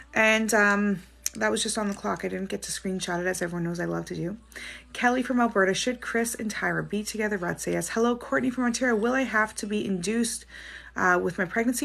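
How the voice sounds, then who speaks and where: A woman's voice: medium pitch, gravelly, fairly bright tone. A woman hosting a live stream, reading out viewers' names and questions and answering them in a chatty, reassuring way. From Canada. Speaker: psychic livestream host.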